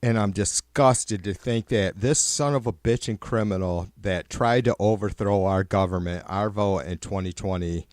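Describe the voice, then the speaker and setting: A man hosting a livestream, ranting with heavy swearing and sarcasm, rambling and getting louder when worked up. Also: on the low side, normal speed, few pauses, no room sound, clean studio sound. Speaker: livestream host. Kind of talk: profane political rant.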